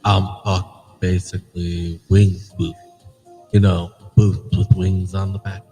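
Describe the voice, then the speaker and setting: A man playing a tabletop game, telling the game master what his character does, with hesitant pauses. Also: low voice, little pitch movement, warm tone, soft background music, poor audio. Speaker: player. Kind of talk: casual tabletop play.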